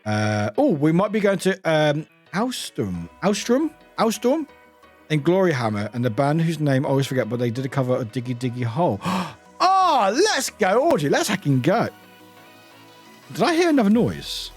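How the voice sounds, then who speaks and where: A man with a British accent, chatting casually as a streamer while playing a game, excitable, laughing often, swearing and breaking into high shouts. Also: moderate pace, husky, faint music behind.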